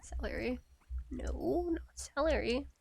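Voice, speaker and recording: A woman's voice: high-pitched, animated, slow, gravelly, a little mellow, a little hiss or hum. A young woman streaming live, chatting casually with her viewers, giggling often and teasing them playfully.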